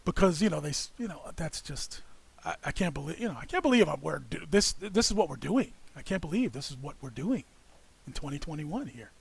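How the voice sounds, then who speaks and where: A man's voice: on the high side, big pitch swings, fairly quick, creaky, husky. Rambling, laughing man on a livestream. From United States. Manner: rambling, laughs often, reads viewer comments aloud. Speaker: livestream co-host. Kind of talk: casual livestream chat.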